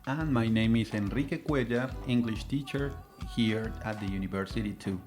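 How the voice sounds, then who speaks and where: A man's voice: fairly low pitch, normal speed, a little mellow, faint music behind. A man with a Colombian Spanish accent co-hosting a podcast in English as a teacher, asking questions hesitantly with many restarts. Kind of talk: casual podcast chat.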